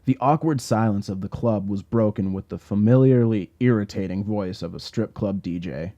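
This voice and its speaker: A man, the author himself, narrates his own novel for an audiobook in a wry, laid-back first-person manner. His voice is low and mellow. The recording is a little dull and lo-fi. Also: normal speed.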